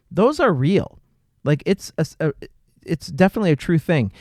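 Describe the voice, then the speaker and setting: A man hosting a podcast, chatting in a relaxed, friendly way with fillers. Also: mid-range voice, a little fast, no echo, clean studio sound. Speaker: podcast host. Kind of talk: casual interview chat.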